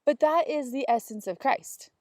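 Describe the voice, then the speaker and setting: A woman's voice: high voice, moderate pace, a little mellow, dry recording, clean studio sound. A woman co-hosting a podcast, telling stories in casual chat and acting out quotes as she goes. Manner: storytelling with acted quotes and laughter. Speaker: podcast co-host.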